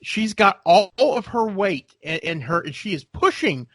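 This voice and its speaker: A podcast co-host tells a long, rambling story in casual chat, acting out the voices of the people involved and laughing often. His voice is high and sing-song, unhurried and fairly bright, with no echo.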